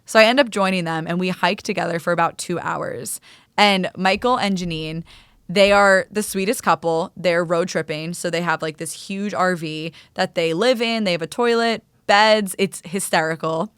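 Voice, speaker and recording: A woman hosting a solo podcast, telling stories in an animated, chatty way full of "like" fillers. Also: on the low side, normal speed, smooth, dry recording, clean studio sound. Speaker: podcast host. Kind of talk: casual solo storytelling.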